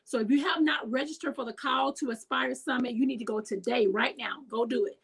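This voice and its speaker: A woman's voice: sits high, brisk, creaky, slightly rough, rough recording. A woman hosting a talk show over a video call, bubbly and effusive, talking straight to her listeners. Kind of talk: enthusiastic video-call interview.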